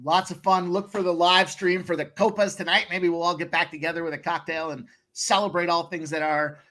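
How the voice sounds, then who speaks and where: Man, host, high-pitched, bright, energetic slangy hype talk. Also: a little fast. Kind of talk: hyped-up sports betting show hosting.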